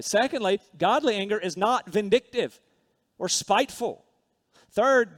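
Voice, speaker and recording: A man's voice: high-pitched, big-room sound. A man preaching a sermon in a church, reading scripture and mixing in conversational, self-deprecating asides. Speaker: pastor.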